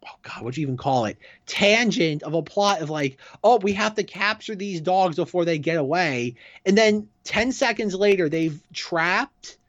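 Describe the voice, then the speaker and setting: A man co-hosting a casual chat, rambling in an animated way with lots of fillers. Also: high voice, no room sound. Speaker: podcast co-host. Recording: dry, dull lo-fi sound.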